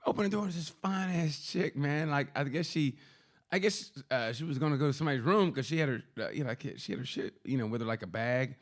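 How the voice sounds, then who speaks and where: A man co-hosting a comedy podcast, telling rambling stories in a casual chat. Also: fairly high pitch. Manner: animated storytelling, quick and rambling with laughs.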